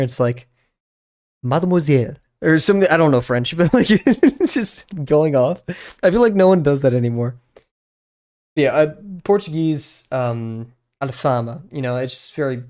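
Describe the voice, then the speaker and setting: A man's voice: mid-range voice, darkish tone. A young man, chatting casually on a live stream while he draws, rambling with many fillers and restarts.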